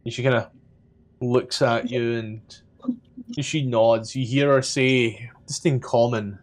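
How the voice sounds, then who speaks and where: A man running a tabletop game as dungeon master, describing scenes in a halting way with lots of fillers. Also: medium pitch, steady tone. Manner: halting description full of "like" and "kinda".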